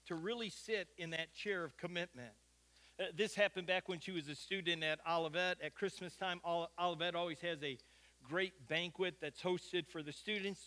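A man's voice: sits high, pushed and bright. A middle-aged man, a pastor, telling a folksy anecdote during a sermon. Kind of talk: sermon storytelling.

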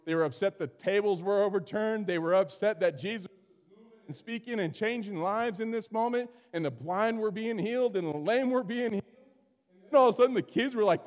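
A man preaching a sermon as pastor, animated, swinging between loud exclamations and hushed asides. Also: high-pitched. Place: church sanctuary. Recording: long hall reverb.

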